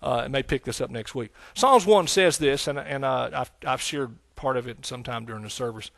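The voice is a man's, mid-range, brisk, creaky and a bit bright, captured as a dry recording. As pastor, he preaches in the church sanctuary, keeping it folksy and conversational until he builds to emphatic, scripture-quoting passages.

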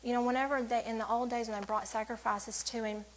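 A woman's voice: on the high side, fairly even intonation, fast talker, slight background noise, low-quality recording. A woman giving a casual church devotional to women, rambling and interrupting herself with joking asides. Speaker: women's ministry speaker.

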